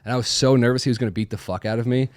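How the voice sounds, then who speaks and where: A man's voice: mid-range voice, steady tone, very fast, a little mellow, smooth, no room sound. A young man from Massachusetts telling a profane, self-deprecating story in casual chat.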